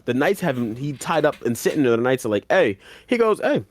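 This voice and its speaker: A man's voice: mid-range voice, a little fast. Slangy man animatedly recapping anime. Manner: animated retelling, acting out characters' lines in slangy voices. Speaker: podcast co-host. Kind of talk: casual anime recap chat.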